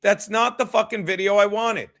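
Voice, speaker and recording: A man's voice: high voice, fairly even intonation, moderate pace, fairly bright tone. A man hosting his own livestream, rambling and swearing casually as he chats with viewers from home. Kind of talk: casual solo livestream chat.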